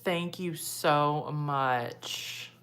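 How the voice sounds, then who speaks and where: Low-voiced woman chatting through her makeup. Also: drawn-out words, fairly bright tone. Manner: chatty, reads out viewer comments and answers them. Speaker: beauty vlogger. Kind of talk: casual livestream chat while doing makeup.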